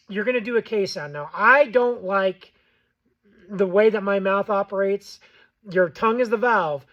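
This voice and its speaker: Guy with a pretty high voice explaining goose calls, laid back and rambly, kinda dull lo-fi sound. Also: a bit bright. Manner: plainspoken, loose, repeats himself with fillers. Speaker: goose call instructor. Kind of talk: casual how-to tutorial.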